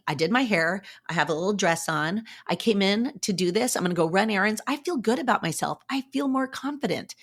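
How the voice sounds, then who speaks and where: A woman's voice: fairly low pitch, husky. A woman hosting a podcast, talking casually and encouragingly, upbeat and chatty with playful asides. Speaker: podcast host. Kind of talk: casual motivational talk.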